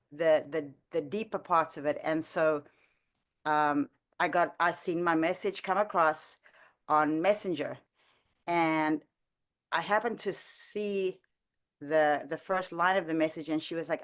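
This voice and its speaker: A woman sharing a personal prayer testimony in an earnest, halting way, with frequent restarts and light laughter. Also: lowish voice. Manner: halting, with many restarts and fillers. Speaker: ministry trainee sharing a testimony. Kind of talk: conversational testimony.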